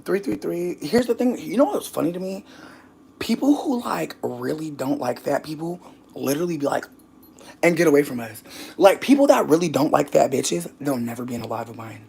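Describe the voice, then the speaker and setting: A young woman from the US talks casually to camera, rambling and cursing with brash humor. She is a little out of breath and swings between low mutters and loud outbursts. A faint hiss sits under her voice. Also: lively intonation, fairly quick, vocal fry. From United States. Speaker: vlogger.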